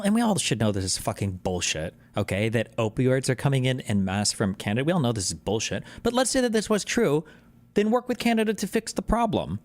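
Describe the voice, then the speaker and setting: A man in his thirties streaming political reaction commentary, ranting in a heated, profane and exasperated way. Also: on the high side.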